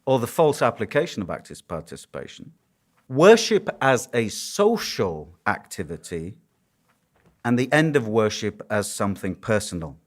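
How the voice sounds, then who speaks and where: A man's voice: on the low side, very animated, normal speed. A man with a Yorkshire accent, a priest speaking at a conference, telling stories with self-deprecating humor. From Yorkshire, England. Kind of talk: conference lecture. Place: conference hall.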